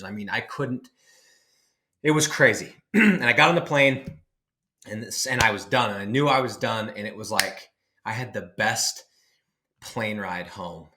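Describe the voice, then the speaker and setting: Bright-voiced emphatic man, rambling motivational talk. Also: mid-range voice. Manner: emphatic, rambling with many restarts. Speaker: online business coach.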